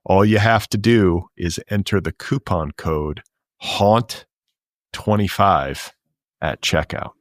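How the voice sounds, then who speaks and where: A man hosting a pop culture podcast, chatting casually and reading ads in a dry, deadpan way. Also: low voice, takes it slowly, no room sound. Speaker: podcast host.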